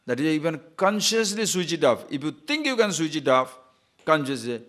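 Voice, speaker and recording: A man, a spiritual teacher, giving an animated lecture on scripture and acting out little scenes of quoted speech. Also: fairly high pitch, brisk. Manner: animated, acts out quoted speech, chuckles at own stories.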